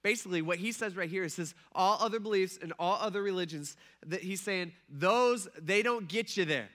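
A young man preaching a casual, conversational sermon as pastor, animated and laughing often as he acts out quoted dialogue. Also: high voice, a little fast.

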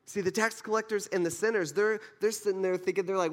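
A man's voice: sits high, fairly even intonation, fast, few pauses, in a large hall. A male pastor giving a conversational sermon, acting out the characters' lines as he goes.

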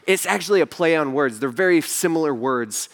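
A man preaching a sermon as pastor, casual and emphatic, with lively asides to the congregation. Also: fairly high pitch, brisk.

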